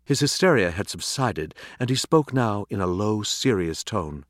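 A man reading a storybook aloud with a wry, expressive delivery, recorded in a dry studio. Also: lowish voice, normal speed, few pauses, no echo. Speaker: audiobook narrator. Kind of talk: scripted storybook narration.

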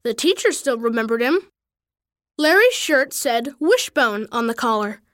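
A woman reads a children's story aloud, expressive and animated throughout. Her voice is high and swings widely from line to line. The recording is dry and close. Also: unhurried, dry recording. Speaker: reader.

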